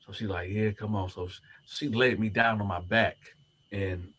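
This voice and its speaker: Man, husky voice, fairly low, animated storyteller acting out the quoted lines. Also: normal speed. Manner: animated, acts out the other people's quoted lines. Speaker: former prisoner telling his story. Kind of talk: storytelling to camera.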